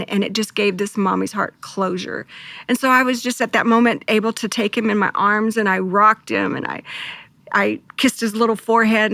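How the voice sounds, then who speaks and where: A co-pastor appearing as a guest tells a deeply emotional personal story, earnest and heartfelt, often quoting her own prayers. Her voice is a bit bright, and the recording is dry.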